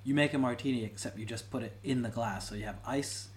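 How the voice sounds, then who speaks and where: A man's voice: mid-range voice, fast. A man, co-hosting a casual chat and joking around. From New Zealand. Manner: playful, jokey, slips into silly bits. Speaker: podcast co-host.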